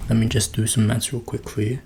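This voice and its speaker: Male ASMR creator, low, creaky voice, slipping between whispers and soft talk, dry asides. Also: flat delivery, quick pace, background noise. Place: his room at home.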